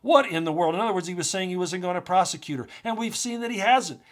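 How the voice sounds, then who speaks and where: Male host, fairly high voice, heated monologue, firing off rhetorical questions. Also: expressive, quick pace. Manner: starts low and subdued, grows loud and agitated, rhetorical questions. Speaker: commentary channel host. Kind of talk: impassioned political monologue.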